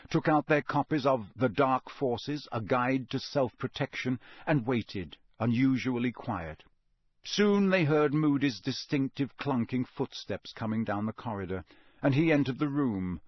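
A man narrating a novel aloud in a measured, expressive storytelling manner. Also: medium pitch, no echo. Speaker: audiobook narrator. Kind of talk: scripted narration.

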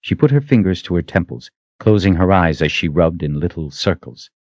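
A man reading an audiobook in steady, even scripted narration. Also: low voice, fairly quick, no echo.

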